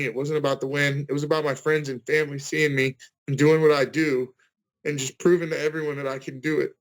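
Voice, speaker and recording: A man's voice: on the high side, fairly bright tone, poor audio. A man in his forties, a fighter giving a casual interview over a video call, earnest and rambling, often restarting his sentences. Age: 40s. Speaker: guest fighter.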